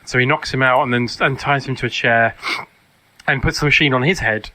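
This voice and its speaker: A man co-hosting a podcast, recapping a film in a casual, deadpan comic way. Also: mid-range voice, fairly quick. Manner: deadpan recapping with mock quotes. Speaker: podcast co-host. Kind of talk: casual comedic film commentary.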